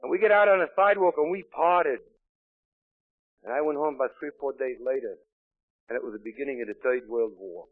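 A man, gruff and wisecracking, telling his own story as a speaker at a recovery meeting. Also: medium pitch, a little fast, pauses often, dry recording. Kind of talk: storytelling talk to an audience. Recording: tinny, dry, phone-like old recording.

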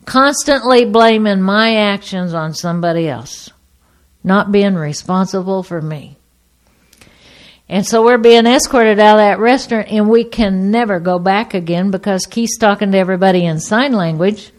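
A middle-aged woman giving a personal testimony to an audience, a lively storyteller who acts out the people in her story. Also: medium pitch, moderate pace. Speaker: speaker sharing her recovery story.

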